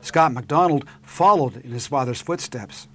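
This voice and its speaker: A man narrating a local television documentary in a measured, clear storytelling voice. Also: mid-range voice, sharp tone. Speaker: program narrator and host.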